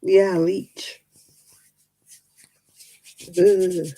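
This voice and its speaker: Lively intonation and vocal fry mark this middle-aged woman's lowish, warm, slightly rough voice as she talks unhurriedly through poor audio. Hosting a homely livestream, she crochets, answers viewers in casual chat, laughs often and counts her stitches aloud.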